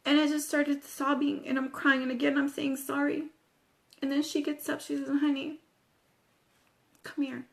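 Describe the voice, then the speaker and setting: Tearful high-voiced woman telling her story. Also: flat delivery, vocal fry. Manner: halting, repeats phrases, apologetic. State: tearful, crying. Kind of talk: emotional personal testimony.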